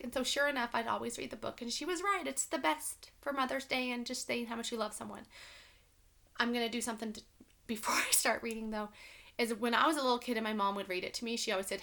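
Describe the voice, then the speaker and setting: A woman teacher chatting lively and warmly to young children before reading them a book aloud. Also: fairly high pitch, a little fast.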